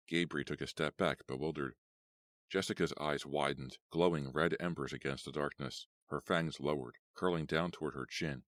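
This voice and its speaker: A man narrating a scripted horror audiobook in a steady, even read. His voice sits extremely low, and the recording is dry and close with no room sound. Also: moderate pace, no echo.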